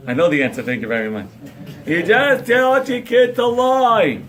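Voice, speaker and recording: Rabbi lecturing a crowd, higher voice, acts out voices. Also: male voice, normal speed, a little hiss or hum. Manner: animated storyteller, acts out dialogue, asks the crowd questions. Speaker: rabbi giving a talk on parenting. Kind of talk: lively sermon to an audience.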